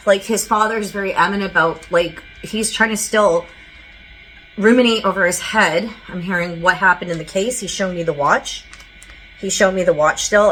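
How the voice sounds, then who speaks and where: A woman's voice: lowish voice, a bit bright, a little hiss or hum, rough recording. A woman giving a casual psychic channeling reading to her viewers, chatty and rambling with lots of filler words and side notes.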